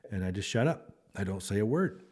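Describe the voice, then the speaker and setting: A man's voice: on the low side, expressive, a little fast, darkish tone, husky. A man, a beef rancher hosting a podcast, talking in a casual monologue with an earnest, repetitive, salesman-like manner.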